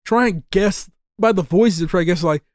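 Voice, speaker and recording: A man's voice: high voice, moderate pace, darkish tone, dry recording, studio quality. A man as a podcast guest, chatting about a movie in a jokey, rambling, self-mocking way. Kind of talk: casual movie chat.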